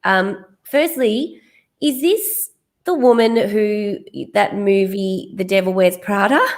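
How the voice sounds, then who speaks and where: A woman's voice: medium pitch, slow pace. A woman hosting a podcast interview, enthusiastic and chatty, asking leading questions. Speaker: podcast host. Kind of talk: casual interview.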